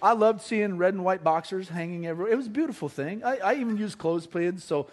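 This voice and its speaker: A man's voice: high voice, fast talker. A middle-aged man telling a comic family story to an audience, acting out the voices of his relatives. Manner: animated, acts out family members' voices.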